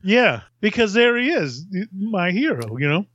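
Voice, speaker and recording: A man hosts a podcast and tells a story with real excitement, laughing often and swearing freely. His voice sits high and swings widely in pitch. The sound is dry and close. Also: unhurried, slightly rough, no echo, highs cut off. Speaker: podcast host. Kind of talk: animated storytelling.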